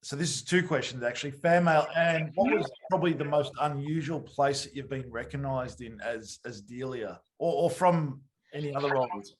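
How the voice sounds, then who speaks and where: A man's voice: medium pitch, normal speed, hardly any pauses, noisy background. A man with an Australian accent hosting an interview, asking questions and giving short reactions. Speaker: podcast host.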